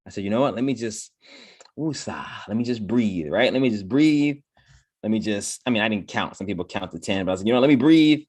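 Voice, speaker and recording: A man's voice: fairly low pitch, expressive, fairly quick, breathy edge, no room sound. A man giving a casual motivational talk, tagging "right?" onto almost every point and acting out his own inner voice in quotes. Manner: repeats "right?" after nearly every point. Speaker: motivational speaker.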